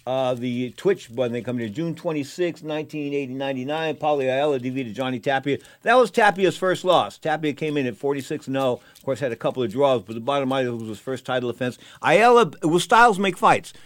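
A man hosting a boxing radio show, telling rambling, animated stories in casual talk. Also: medium pitch, brisk, few pauses, no echo.

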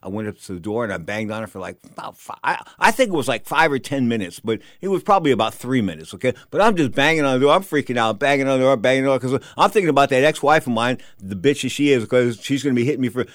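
Man, middle-pitched, quick-talking storyteller, digressive, dry close sound. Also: animated, fairly bright tone, dry recording. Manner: digressive, repeats "bottom line is", acts out quotes. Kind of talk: rambling anecdote.

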